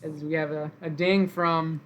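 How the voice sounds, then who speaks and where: Over an online call, a live stream host runs through the draft picks in a casual, upbeat play-by-play, pausing to thank his viewers. He has a fairly high voice with little pitch movement, speaks at a measured pace, and heavy background noise surrounds him.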